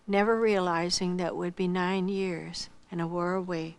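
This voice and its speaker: A woman's voice: on the low side, fairly even intonation, normal speed, few pauses, clean tone. Older woman telling her testimony, earnest. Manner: earnest, acts out remembered dialogue, drops to a hush at tender moments. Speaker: missionary giving testimony. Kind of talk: personal testimony storytelling.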